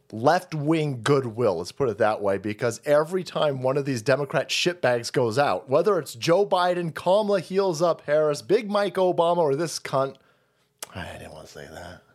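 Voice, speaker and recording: A male livestream host rants with heavy profanity and sarcasm, breaking into laughs along the way. His voice sits a little high for a man. His pitch swings widely from line to line. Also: animated, moderate pace. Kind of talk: ranting livestream commentary.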